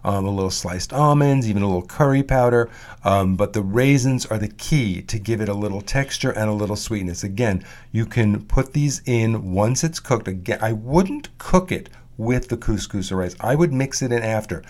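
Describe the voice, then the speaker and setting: Lower-pitched male co-host, practical, plainspoken cooking advice. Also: lively intonation, moderate pace, a little mellow. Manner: practical, matter-of-fact tips. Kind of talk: casual cooking chat.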